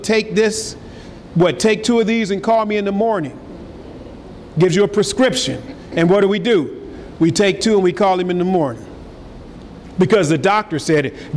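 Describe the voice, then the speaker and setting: A man preaching a sermon as pastor, energetic and swinging between loud and soft. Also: high-pitched, slight background noise. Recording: hall reverb with faint ambience.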